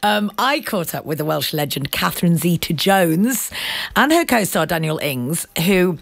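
A woman's voice: lowish voice, expressive, moderate pace, creaky. A woman radio presenter in casual, chatty conversation, laughing easily as she introduces her guest. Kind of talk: casual chat.

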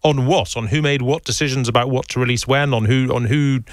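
A male radio presenter who talks quickly in a brisk, conversational way as he puts questions to guests. His voice sounds dry and close to the mic. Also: mid-range voice, steady tone, no room sound. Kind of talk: radio interview.

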